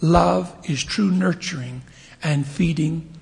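A man's voice: fairly high pitch, slow, creaky, big-room sound. A man in his fifties giving a humorous sermon, telling stories and acting out the voices of the people in them. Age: 50s. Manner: animated storyteller acting out voices, chuckling often. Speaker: church leader giving a devotional talk.

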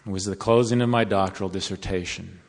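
A man giving a sermon to college students, telling a folksy story and then slowing to earnest counsel. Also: deep voice, steady tone, vocal fry. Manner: storytelling, turning slow and earnest. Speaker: devotional speaker to college students. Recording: long reverb of a large hall.

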